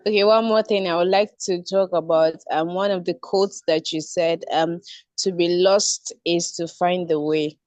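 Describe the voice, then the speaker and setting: A woman's voice: lowish voice, fairly even intonation, unhurried, a little mellow, dry recording. A woman, from Nigeria, commenting politely and earnestly as a participant on a video call. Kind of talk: online webinar comment.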